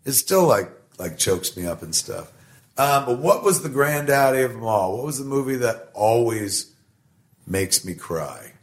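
A middle-aged man talks as a podcast guest, telling stories with plenty of swearing. His voice sits at an ordinary middle pitch, and he goes at his stories with animated energy. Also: a little slow. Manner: animated, profane storytelling. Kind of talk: casual podcast conversation.

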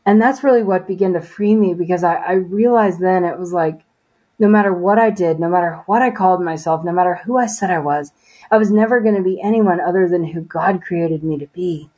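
A woman's voice: lowish voice, fairly quick, darkish tone, poor audio. A woman as an interview guest giving a personal faith testimony in conversation, earnest and storytelling, with frequent "you know" and "like".

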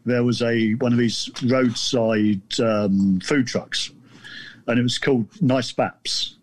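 A man from southern England, a guest author telling a story in casual chat, rambling and self-deprecating with halting restarts. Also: medium pitch, fairly even intonation, no echo.

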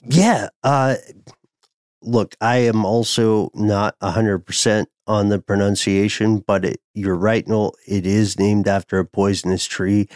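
Slow-talking low-voiced man telling a story. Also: fairly even intonation, darkish tone, dry recording. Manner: unhurried, hesitant with uhs. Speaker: podcast co-host telling the story. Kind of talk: casual storytelling chat.

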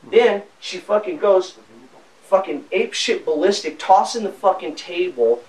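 A man's voice: high voice, a little slow, darkish tone. A man giving police a profane, rambling, defensive account of a fight, recorded on a body camera. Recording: roomy body camera audio from a distance.

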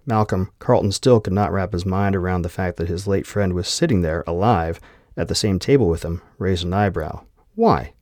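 Male audiobook narrator, lowish voice, dry close recording, steady reading. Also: moderate pace, no room sound.

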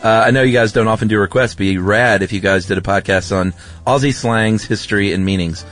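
Laid-back low-voiced male co-host. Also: fairly quick, a bit bright, faint music behind. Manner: laid-back, laughs easily. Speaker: podcast co-host. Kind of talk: casual podcast chat.

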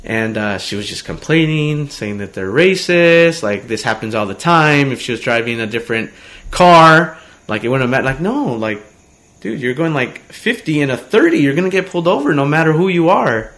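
A man's voice: a little high, sing-song, moderate pace, a bit bright. A man in casual podcast chat, talking loosely with lots of "like" and "you know". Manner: loose, filler-heavy talk with many "like"s.

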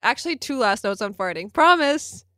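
A woman co-hosting a casual chat podcast, animated and quick to react, with loud bursts of laughter. Her voice sits a little high and sounds bright. The recording is dry and close. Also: no room sound. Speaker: podcast co-host.

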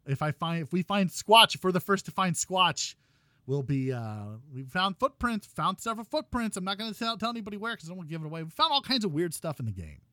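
A man co-hosting a casual gaming podcast, talking in an animated, rambling way with laughs and restarts. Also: a little high, no echo, studio quality. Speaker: podcast co-host.

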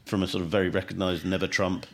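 A man with a very deep voice hosts a podcast interview. He raises points in a measured, conversational way. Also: level tone, vocal fry. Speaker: podcast host.

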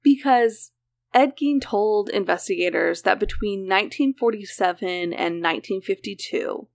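A woman with a mid-range voice and vocal fry speaks at a normal speed as she hosts a true crime podcast. She keeps it conversational, reading out case details, tossing in chatty asides and saying "like" a lot.

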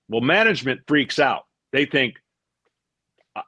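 A man in his fifties, a guest on an interview podcast, telling a long story in a casual, animated way and acting out what others said. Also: mid-range voice, moderate pace, pauses often, breathy edge, no room sound. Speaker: interview guest, former pitcher.

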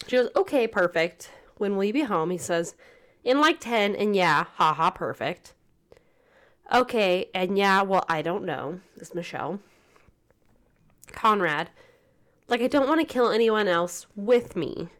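A woman's voice: medium pitch, animated, a little slow, long pauses. A woman co-hosting a casual talk podcast, speaking earnestly and reading text messages aloud in a plain voice. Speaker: podcast co-host.

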